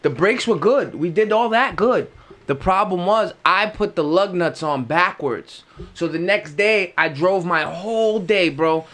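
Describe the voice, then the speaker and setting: A young man from Queens spins wild car stories in a loose, profane podcast chat. His voice sits a bit high, and he acts out the sounds as he goes. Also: expressive, unhurried, fairly bright tone. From Queens, New York. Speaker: podcast co-host. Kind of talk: casual storytelling chat.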